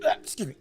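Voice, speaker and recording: A man hosting a podcast and giving live boxing commentary, reacting excitedly to each punch and often correcting himself. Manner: excitable, quick reactions, frequent self-corrections. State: hiccups. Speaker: podcast host and fight commentator.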